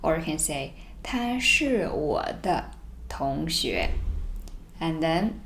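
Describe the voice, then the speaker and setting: A woman teaching a beginners' Mandarin lesson, reading each sentence twice slowly and explaining it in English. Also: deep voice, sing-song, fairly bright tone, slight background noise. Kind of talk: language lesson.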